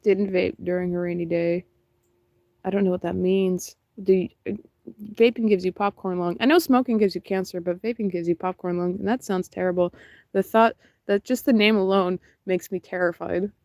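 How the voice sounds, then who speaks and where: A woman's voice: lowish voice, steady tone, moderate pace, vocal fry, warm tone, no echo. A young woman chatting casually and rambling while painting on a stream, laughing often. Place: outdoors in cold wind.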